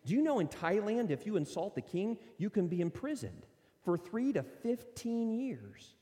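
A man delivers a sermon with high, lively pitch swings over a mellow, warm tone. His voice rings through a hall with a long reverb tail. He speaks conversationally and animatedly to his congregation. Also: moderate pace. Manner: animated preaching, acts out excuses in character voices. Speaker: pastor.

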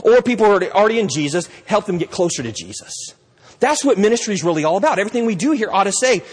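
A middle-aged male pastor preaches with pleading passion, stopping to act out little scenes. His voice sits fairly high and has a husky edge. A long reverb trails his words, as in a large church hall. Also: expressive, quick pace. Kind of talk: sermon.

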